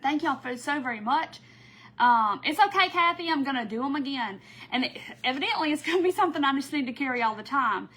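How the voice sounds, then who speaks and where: A woman's voice: sits high, expressive, fairly quick, pushed and bright, low-quality recording. A woman hosting a casual live craft stream from home. She chats easily, greets viewers by name and laughs often. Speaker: craft host.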